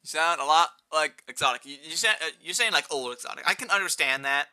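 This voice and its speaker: A young man chatting casually on a live gaming stream, rambling and answering chat, with a fairly high-pitched voice and keyboard clicks near his desk mic. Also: fast, clean tone. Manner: rambling, answers chat, rising excited outbursts.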